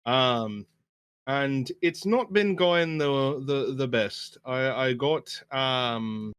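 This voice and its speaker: A man plays a tired, blunt immigrant in a tabletop game. He grumbles in halting starts with a smooth, clear voice. The sound is dry and close. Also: mid-range voice, a bit bright, no room sound. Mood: grumbling.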